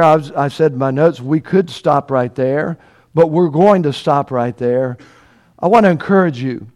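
A man preaching a sermon, reading scripture slowly and swelling from quiet asides into passionate cries. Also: on the high side.

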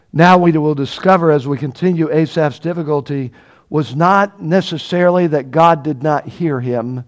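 A man preaching in an earnest sermon voice that sits fairly high for a man. He presses his listeners with rhetorical questions and swells into loud, emphatic peaks.

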